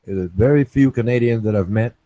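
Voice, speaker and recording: This casual talk show host speaks briskly in a low, mellow voice, looping back to his main point again and again. Restarting his sentences and asking "right?", he sounds close and dry, without any room sound.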